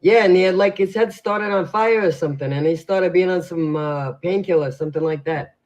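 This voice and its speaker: A man's voice: high voice, fairly quick, darkish tone. A man co-hosting a casual advice show, telling rambling stories full of fillers. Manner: rambling storyteller, filler-heavy. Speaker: co-host. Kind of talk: casual podcast chat. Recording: dull lo-fi sound.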